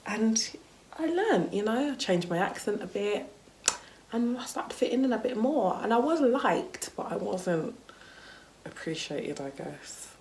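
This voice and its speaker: A woman's voice: fairly high pitch, big pitch swings, measured pace, darkish tone, a little hiss or hum. A young woman vlogging a casual story time, candid and chatty, with lots of "like" and "you know" and some swearing. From United Kingdom.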